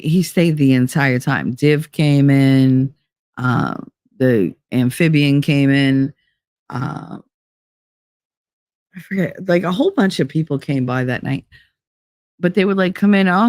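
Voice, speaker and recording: A middle-aged woman with a low voice chats casually on her podcast, telling a story. She gets animated, laughs often and jumps up in pitch when she quotes people. The sound is dry and close. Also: no echo. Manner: animated, laughing, quoting others in raised voices. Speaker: podcast host.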